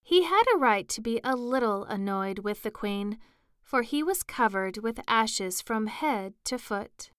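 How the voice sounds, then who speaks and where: Slow, smooth woman reading aloud. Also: a little high, animated, no room sound, studio quality. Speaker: narrator. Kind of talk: audiobook reading.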